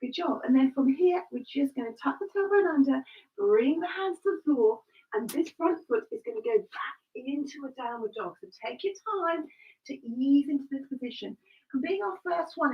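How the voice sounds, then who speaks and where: A woman coaching a live exercise session, encouraging and cueing breaths and counts. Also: sits high. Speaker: fitness instructor. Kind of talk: live exercise class instruction. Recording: distant, dull lo-fi live stream.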